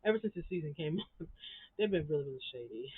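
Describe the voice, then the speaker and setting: A man's voice: fairly high pitch, expressive, quick pace, slightly rough, no room sound. A young man giving a blunt, gossipy, profane casual review of a reality TV episode as the recap host. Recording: dry, tinny phone-like audio.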